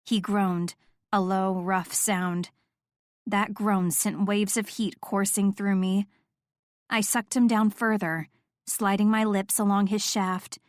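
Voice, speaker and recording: A woman's voice: mid-range voice, level tone, slow pace, no room sound, clean studio sound. Woman narrating a romance audiobook. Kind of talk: first-person romance narration.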